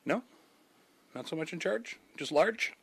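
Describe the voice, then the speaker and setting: A man chatting loosely on a home podcast, rambling from one joke to the next. His pitch swings in a lively way as he riffs. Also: a little slow, vocal fry, a little hiss or hum. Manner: rambling, jokey, puts on silly voices. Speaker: podcast co-host. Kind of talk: casual chat. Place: home, seated on a sinking chair.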